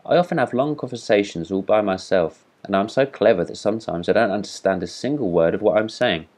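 A man's voice: on the low side, fairly quick, a little mellow, lightly acted. A man voicing a vain, boastful firework rocket in a storybook reading, speaking in a haughty, self-important manner.

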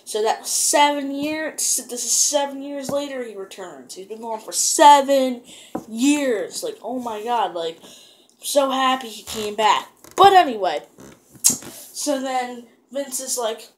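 A woman casually recapping a wrestling show, rambling with lots of fillers and restarts and getting excited as she goes. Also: a little high, a little slow, slight background noise.

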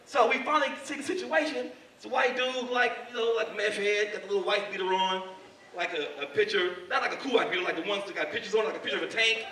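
A male stand-up comedian hosting a live club show, telling stories in an animated way. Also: high-pitched, fast, slight background noise. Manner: animated storytelling. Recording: echoey club, distant mic.

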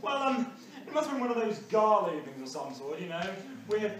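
A woman's voice: medium pitch, sing-song, a little fast, over music, lightly acted. A teenage girl playing a stingy, snide rich husband who blusters and stammers excuses in a school drama sketch. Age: teens. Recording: echoey room, far from mic.

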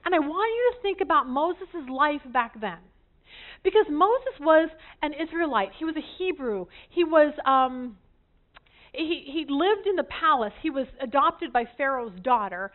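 A woman teaching a women's Bible study group, an animated storyteller with self-deprecating humor. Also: sits high, measured pace. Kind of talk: lively teaching talk to a group. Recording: tinny phone-like sound.

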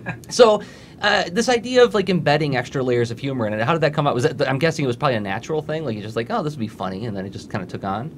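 A man's voice: medium pitch, animated, very fast, a little hiss or hum. A man hosting a podcast, asking a guest questions in an enthusiastic, stammering way and laughing often. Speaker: podcast host interviewing a guest. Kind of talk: casual interview chat.

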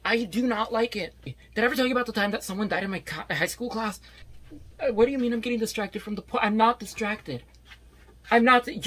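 A woman playing a rambling, defensive parody of a female YouTuber in a comedy sketch, swinging into yelling. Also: fairly high pitch, husky. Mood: combative.

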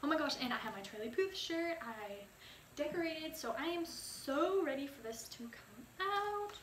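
A woman hosting a music reaction vlog, talking in an excitable, gushing way. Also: sits high, normal speed, a little hiss or hum. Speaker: vlogger. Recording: echoey room.

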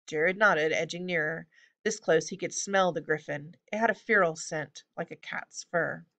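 A woman reading a children's fantasy story aloud at a steady pace. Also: sits low, moderate pace. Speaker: audiobook reader. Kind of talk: storybook narration.

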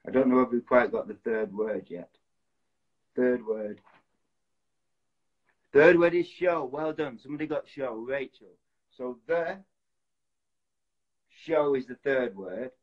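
Hosting a casual Instagram live via his phone, a man acts out movies while reading incoming guesses from viewers. The audio is lo-fi; his voice is medium in pitch, his pace measured, and he often stops for long pauses.

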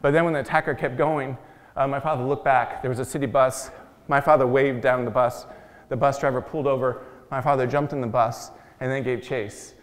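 A man's voice: mid-range voice, fairly even intonation, brisk. A man giving a talk to an audience, telling his story with self-deprecating jokes. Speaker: guest speaker. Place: large meeting hall. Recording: long hall reverb.

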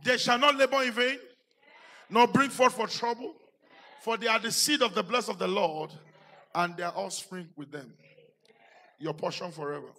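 High, husky Nigerian preacher man. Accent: Nigerian English. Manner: preaching with rising shouted emphasis and asides to the congregation. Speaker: pastor. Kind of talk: sermon. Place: church.

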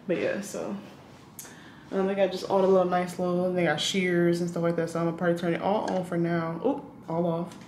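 A woman's voice: fairly low pitch, level tone, brisk, a little mellow, echoey room, slight background noise. A woman filming a casual vlog in a hotel room, rambling and chatty with lots of fillers. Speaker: vlogger.

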